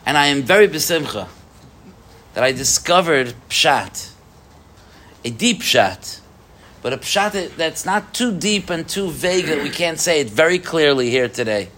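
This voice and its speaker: A man with a fairly high voice teaches a Torah class to a live group. His delivery is animated, with rhetorical questions and frequent restarts. Pitch and pace move around a lot. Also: a little slow, slight background noise.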